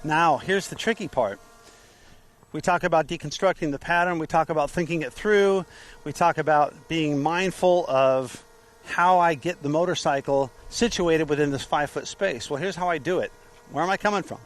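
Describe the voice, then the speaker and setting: A man's voice: a little high, moderate pace, poor audio. Man teaching motorcycle cone drills. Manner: explanatory, asks and answers his own questions. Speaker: motorcycle training instructor. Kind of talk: outdoor instructional walkthrough. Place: outdoor training lot.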